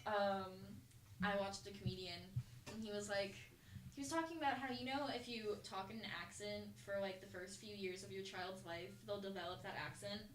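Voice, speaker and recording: A woman's voice: mid-range voice, moderate pace, a little hiss or hum. Chatty giggling woman podcast co-host. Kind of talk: casual chat. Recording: roomy sound from a distant mic.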